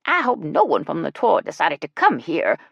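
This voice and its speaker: A woman voicing a fussy, easily offended older woman with a prim, high-strung manner, in an audiobook. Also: huge pitch swings, normal speed, vocal fry, breathy edge, dry recording, muffled recording, heavily acted. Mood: huffy.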